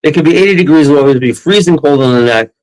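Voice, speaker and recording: A Canadian man telling a wild story as an interview guest, rambling and excitable, often breaking into laughs. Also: a little high, rapid-fire, low-quality recording.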